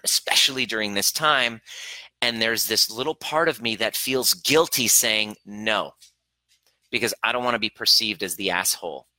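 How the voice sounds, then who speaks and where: A man's voice: fairly low pitch, sharp tone, no room sound, rough recording. A man coaching a live online workshop on boundaries, blunt and swearing freely, acting out the voices in his head. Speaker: relationship coach.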